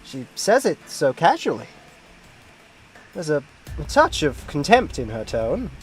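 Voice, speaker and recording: Male game streamer, slow and animated, laughs a lot, shouts at the screen. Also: a little high, soft background music. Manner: laughs often, exclaims at the screen. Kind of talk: casual game stream commentary.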